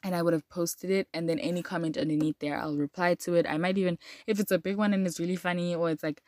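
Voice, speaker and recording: A young woman hosts her own solo podcast in a chatty, rambling way, full of "like" and sudden lively jumps. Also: fast talker, no room sound, clean studio sound. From South Africa. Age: young adult. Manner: chatty and rambling, with frequent "like" and animated jumps in pitch. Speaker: podcast host. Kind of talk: casual solo podcast chat.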